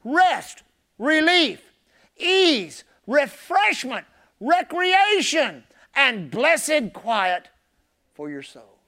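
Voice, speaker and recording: High-voiced, animated preaching man. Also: extremely slow. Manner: impassioned, repeats key phrases, swings from shouted emphasis to soft low asides. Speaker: pastor. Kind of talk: sermon.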